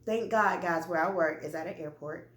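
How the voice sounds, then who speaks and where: A woman's voice: on the low side, moderate pace, roomy sound. A woman vlogger telling a personal story candidly and animatedly, talking straight to her viewers. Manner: animated, chatty, addresses viewers directly.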